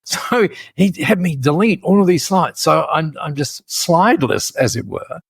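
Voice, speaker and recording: A man in his later years with a gravelly, husky voice, pitched a little high for a man. He tells stories in a lively, animated way, laughing as he goes and often restarting his sentences. The sound is dry and close. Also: unhurried, no echo. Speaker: podcast guest, speaker. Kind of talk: storytelling in conversation.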